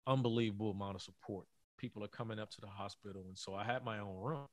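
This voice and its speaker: A middle-aged former college basketball player tells an earnest story during a podcast interview, often halting and repeating words. His voice sits on the low side and is a little mellow, on a dry recording.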